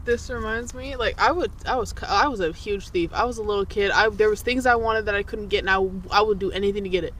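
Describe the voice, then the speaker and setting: A young woman co-hosting a podcast, telling childhood stories in casual chat, swearing freely and jumping up in pitch when she quotes people. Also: quick pace, hardly any pauses, fairly bright tone, a little hiss or hum. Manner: swearing, laughing, jumps high for quoted voices. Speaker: podcast co-host.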